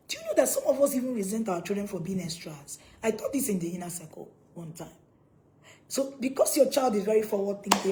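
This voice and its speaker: A woman's voice: mid-range voice, animated, moderate pace, rough recording. A woman giving a preachy parenting talk to camera. She quizzes her viewers and repeats her points. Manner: preachy, asks viewers questions, repeats points, bursts into loud acted scolding. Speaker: parenting coach.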